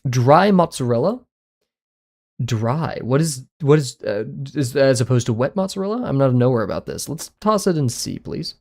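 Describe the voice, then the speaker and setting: A man streams live and talks to his viewers in a loose, casual way. His verdicts come out blunt and offhand, and he is quick to throw in a sorry. His pitch sits in an ordinary middle range. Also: big pitch swings, vocal fry, darkish tone. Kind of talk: casual livestream chatter.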